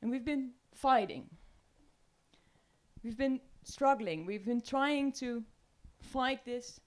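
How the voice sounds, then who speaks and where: A woman with a Dutch accent speaking to an audience on a panel, earnest and emotional, with pauses. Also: fairly high pitch. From Netherlands. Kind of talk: emotional public talk. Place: room with audience.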